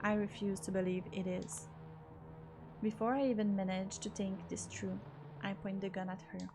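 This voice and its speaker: A woman streamer narrating a visual novel in first person, expressive with occasional asides. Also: medium pitch, moderate pace, over music. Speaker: let's play streamer.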